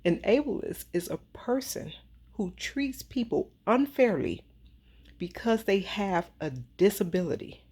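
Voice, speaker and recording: A woman's voice: mid-range voice, animated, measured pace, a little mellow, slightly rough. A woman speaking, giving a heated, worked-up commentary monologue to her followers, repeating points for emphasis. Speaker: social media commentator.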